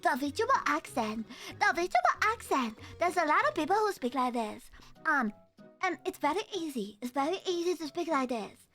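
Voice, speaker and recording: A young woman with a Romanian accent chats loosely with her viewers, joking and full of slang. Her voice sits high and sounds bright and sharp. Faint music plays underneath. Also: sing-song, normal speed. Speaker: streamer. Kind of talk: casual chat with viewers.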